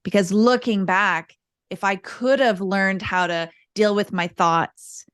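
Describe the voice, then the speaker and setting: A woman guest on a podcast, a parenting coach telling candid, animated stories in casual interview chat. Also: medium pitch, takes it slowly. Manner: earnest, animated, candid storytelling.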